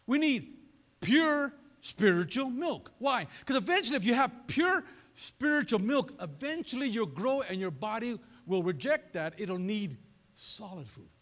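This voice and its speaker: A man preaching a sermon as pastor, animated and conversational, throwing asides to his congregation. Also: very high voice, unhurried. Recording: long reverb of a large hall.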